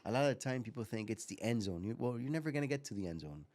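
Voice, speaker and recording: 40s guy from miami, mid pitch voice, chatting in an interview, tells stories and repeats himself a lot. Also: rapid-fire. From Miami, USA. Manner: animated storyteller, repeats words as he goes. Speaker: guest entrepreneur. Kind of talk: casual interview talk.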